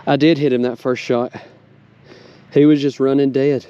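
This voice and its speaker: A man with a Southern US accent narrating his hunt, excitable and fast-talking, often outdoors in the woods. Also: mid-range voice, clear, resonant tone, lo-fi sound. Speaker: hunting vlogger. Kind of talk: hunting vlog narration and field commentary.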